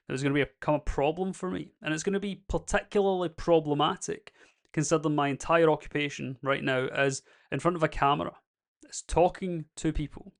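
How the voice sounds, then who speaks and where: A young Scottish man talks straight to his viewers in a casual, rambling vlog. His voice sits a little high and carries a gravelly rasp. He comes across as candid and pokes fun at himself. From Scotland. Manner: candid, rambling and self-deprecating. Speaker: YouTube creator.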